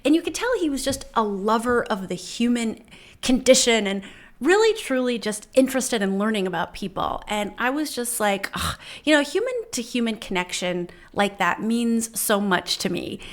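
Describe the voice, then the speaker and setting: A woman in her forties telling a personal story to her viewers in a chatty, enthusiastic and heartfelt way. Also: a little high. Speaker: vlogger.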